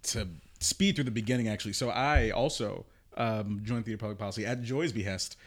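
A man, an improv performer and activist, answering candidly in a halting way with many ums, mumbling a bit. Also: lowish voice. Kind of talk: casual interview chat.

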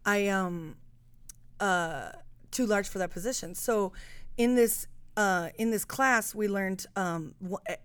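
A woman's voice: mid-range voice, takes it slowly, fairly bright tone, clean tone, no room sound. Casting: young adult woman, casual podcast guest, chatty, restarts a lot, dry recording. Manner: rambling, self-interrupting storyteller. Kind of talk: casual chat.

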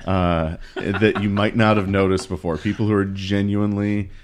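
A man telling a story in a casual podcast chat, relaxed, with dry humor. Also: fairly low pitch, normal speed, very noisy.

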